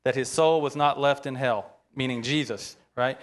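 A man of medium pitch teaching a church group. He walks through scripture in an informal, talky way and keeps checking in with his listeners. He sounds earnest and open about his feelings. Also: fairly even intonation, normal speed. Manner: conversational, often checks in with "right?"; earnest, openly emotional about faith.

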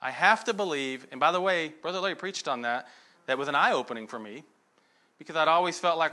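Bright, chatty man preaching a sermon. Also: fairly high pitch, brisk. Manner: conversational, storytelling, frequent "right?" asides.

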